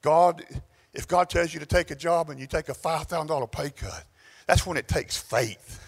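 A man with a Southern US accent, a pastor preaching a sermon in a church, telling stories in an animated way that swings between exclamations and quiet asides. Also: on the high side, moderate pace, husky.

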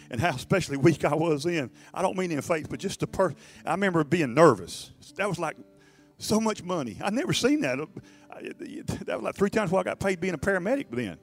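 A middle-aged man preaching a sermon in a folksy way, often repeating words before moving into prayer. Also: medium pitch. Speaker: pastor.

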